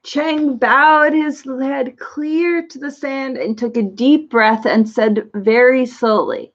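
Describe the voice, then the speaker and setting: A woman reading a children's story aloud in an expressive storytelling manner. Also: high-pitched, takes it slowly, hardly any pauses. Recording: muffled lo-fi recording.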